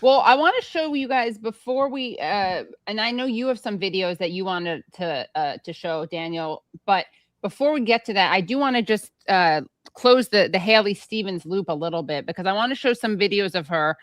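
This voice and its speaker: A woman's voice: mid-range voice, animated, moderate pace, dry recording. Chatty, sardonic woman podcast host. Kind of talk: casual political chat.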